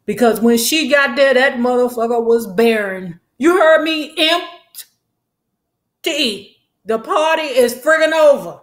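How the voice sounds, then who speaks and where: A woman giving a sassy, slangy, animated recap of a TV episode. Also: on the high side, unhurried. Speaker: show recap host. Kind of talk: casual recap commentary. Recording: echoey room.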